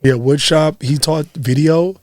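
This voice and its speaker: A man's voice: a little high, fairly even intonation, unhurried, a little mellow, no room sound, studio quality. A young man hosting a podcast, telling stories in casual chat with lots of laughter and swearing. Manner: profane, giggly storytelling. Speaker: podcast host.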